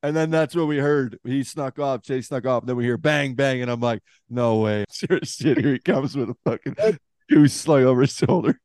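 A male podcast host talks in a loose, joking way, laughing and cursing as he pulls stories from his guest. His voice sits at an ordinary pitch. The sound is dry with little room. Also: moderate pace, darkish tone, dry recording. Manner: laughing, profane, prompting stories. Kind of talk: casual chat.

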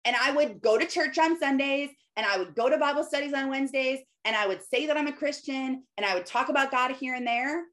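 A woman's voice: high-pitched, brisk, few pauses, a bit bright. A woman in her thirties giving an earnest, conversational talk about faith to her followers, slipping into quoted voices as she goes. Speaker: Christian business owner sharing faith.

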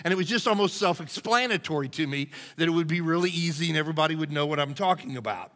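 Brief: male pastor, bright, fairly high voice, hoarse, folksy sermon delivery in a reverberant sanctuary. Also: lively intonation, fast talker. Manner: folksy, conversational, storytelling. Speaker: lead pastor. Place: church sanctuary. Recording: long reverb of a church hall.

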